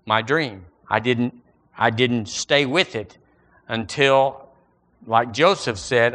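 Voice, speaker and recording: A man preaching a sermon in a folksy, animated way, full of everyday analogies. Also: mid-range voice, a little slow.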